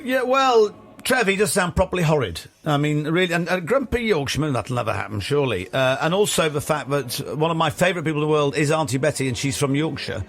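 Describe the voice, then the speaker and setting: A man's voice: a little high, expressive, fast, hardly any pauses, fairly bright tone. A man on a radio panel, chatting hesitantly with many ums and uhs, in a radio studio. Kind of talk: casual chat.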